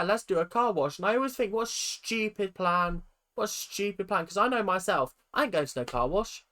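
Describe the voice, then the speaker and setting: A woman with a British accent hosting a reaction video, ranting in an animated, sarcastic and exasperated way. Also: medium pitch.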